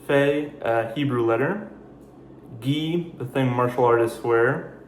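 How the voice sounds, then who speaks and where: A man's voice: mid-range voice, roomy sound. Male host, casual explainer, dry jokey delivery, faint hum behind. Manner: dry, jokey asides between slow definitions. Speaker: video host. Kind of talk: casual explainer reading a word list.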